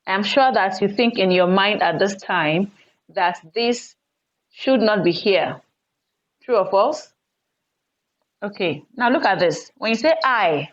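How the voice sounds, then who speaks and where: Woman teacher, slow and patient, repeats key points, slightly dull lo-fi recording. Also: medium pitch. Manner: slow, repeats key phrases, checks with "okay?". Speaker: English teacher. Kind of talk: classroom lesson.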